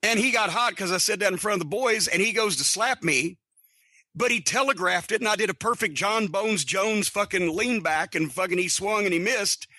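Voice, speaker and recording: A middle-aged man with a high, bright, forceful voice tells blunt stories full of swearing in a casual podcast monologue. His delivery is wry and punchy. He sounds close and dry, with no room around him. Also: normal speed, no room sound. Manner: blunt, profane, wry storyteller. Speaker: podcast host.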